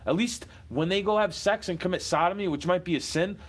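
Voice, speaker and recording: A man with a slightly high-pitched voice rants straight at the camera. He is combative and profane, dropping to low mutters before building into shouted outbursts. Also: a little fast. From United States. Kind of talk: profane ranting monologue.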